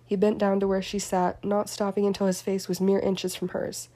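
A woman reading a story aloud in an even, measured narration. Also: medium pitch. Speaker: story reader. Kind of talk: audiobook-style reading of fan fiction.

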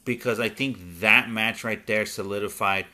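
A man with a fairly low, bright and forceful voice hosts a loose conversation. He talks in halting stretches, full of pauses and restarts, and then speeds up when he gets going. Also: fairly even intonation. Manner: halting, many ums and restarts. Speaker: podcast host. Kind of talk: casual wrestling chat.

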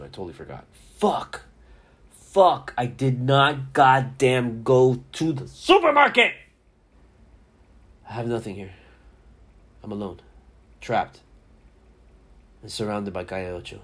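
A man in his thirties hosting a casual sports talk show, rambling through stories with lots of swearing. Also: lowish voice. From Miami area. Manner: profane, rambling, animated storyteller. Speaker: podcast host. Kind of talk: casual sports chat and storytelling.

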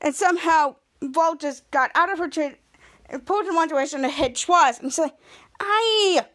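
A woman's voice: high-pitched, fairly bright tone. A woman podcast host recapping a TV episode scene by scene, stumbling through restarts and half-finished words as she goes. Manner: halting retelling with frequent restarts and cut-off words.

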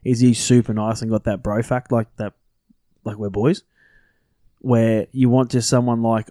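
A man's voice: mid-range voice, level tone, normal speed, mellow, no echo, studio quality. A man co-hosting a casual sports podcast, rambling and swearing freely between fillers. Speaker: podcast co-host.

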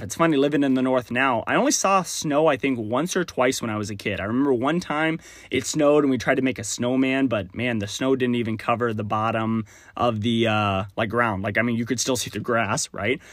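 A man's voice: mid-range voice, a bit bright, dry recording, studio quality. A young man from Texas hosting a solo podcast, talking in a rambling, friendly, self-deprecating way. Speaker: podcast host. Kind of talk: casual solo podcast monologue.

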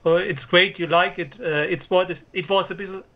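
A man's voice: high voice, fairly even intonation, normal speed. A man from Germany with a German accent, a non-native speaker calling in hesitantly to a talk show over a dull line. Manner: hesitant, careful, with many fillers. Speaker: caller.

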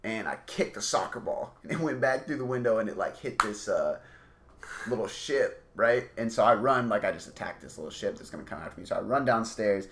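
Fast-talking man telling a story. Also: on the low side, animated, a bit bright, slight background noise. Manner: rambling, swears a lot, many likes and rights. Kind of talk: casual chat, storytelling.

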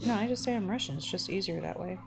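Female interviewer, inquisitive and reactive, middle pitch, music under the talk. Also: quick pace, gravelly. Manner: curious, lively reactions. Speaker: interviewer, family member. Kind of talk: oral history interview.

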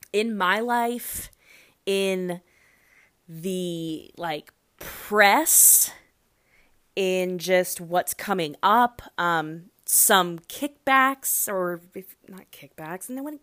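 Speaking in a mid-range voice, a thirty-something woman runs her podcast alone, chatting loosely, correcting herself and filling gaps with fillers, then erupting now and then into loud excitement.

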